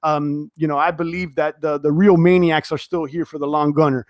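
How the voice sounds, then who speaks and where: High-voiced man hosting a casual live stream. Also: steady tone, moderate pace, a little mellow, dry recording, studio quality. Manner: casual, many fillers and restarts. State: sweating, tiring. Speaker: crypto live-stream host. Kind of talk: live-stream chat reading viewer comments.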